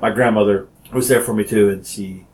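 A man telling childhood stories in casual chat, animated and laughing often as he acts out quotes. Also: fairly low pitch, brisk. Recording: roomy echo.

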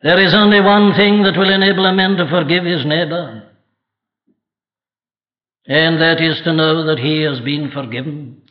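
A man's voice: on the high side, normal speed, pauses often. A man preaching a sermon from Wales with an emphatic, dramatic delivery. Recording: echoey hall, dull archival audio.

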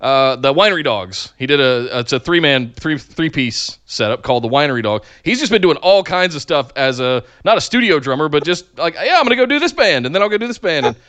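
Male podcast co-host, chatty, animated, dry room. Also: fairly high pitch, fairly quick, few pauses, no room sound. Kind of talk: casual wrestling chat.

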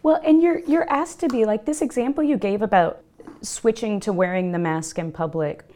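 A woman's voice: mid-range voice, normal speed, mellow. A woman hosting a podcast interview, engaged and asking probing questions. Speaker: podcast host. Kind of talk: interview conversation.

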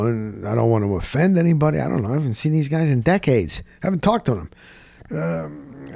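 A middle-aged man, telling a rambling story in casual chat, dropping "boom" into his sentences. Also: gravelly, dry recording. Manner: animated, punctuates with "boom". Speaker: sports radio co-host.

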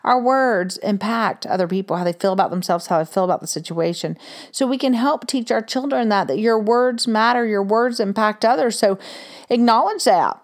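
A woman in her thirties hosting a parenting talk, casual and animated, often acting out what a parent or child might say. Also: a little high, moderate pace. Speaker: parenting podcast host.

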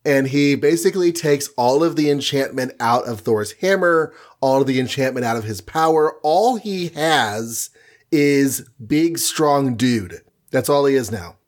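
A man co-hosting a casual podcast, retelling a comic story in a playful way and dropping into quick mock voices for the characters. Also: medium pitch, lively intonation. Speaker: podcast co-host recapping comics. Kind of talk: casual chat.

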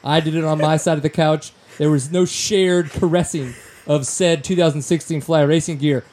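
A man from Louisiana hosts a casual podcast chat, reading sponsor plugs with loose slang and easy jokes. His voice sits a little high for a man. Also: fairly even intonation, normal speed, a little mellow. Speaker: podcast host.

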